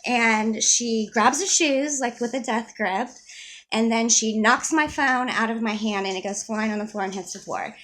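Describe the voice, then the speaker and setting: A woman's voice: fairly high pitch, normal speed, fairly bright tone. A mother telling an upsetting personal story to the camera in a rambling, casual way, with many fillers and restarts.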